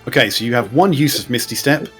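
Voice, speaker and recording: A man running a tabletop game as game master, with relaxed, descriptive narration and rules asides. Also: mid-range voice, fast talker, faint music behind.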